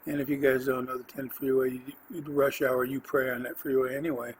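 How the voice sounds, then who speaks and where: A man hosting a podcast, telling his personal faith testimony in an earnest, rambling way, with restarts and the odd throat clearing. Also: medium pitch, flat delivery, a little fast, a little hiss or hum, rough recording. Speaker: podcast host.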